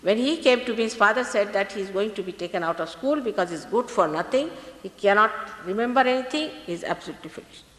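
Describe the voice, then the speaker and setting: A woman giving a spiritual talk to an audience, telling stories in a lively way and repeating key phrases. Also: mid-range voice, fast talker, hardly any pauses. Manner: lively storytelling with repetitions. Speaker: spiritual teacher. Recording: echoey hall archive recording.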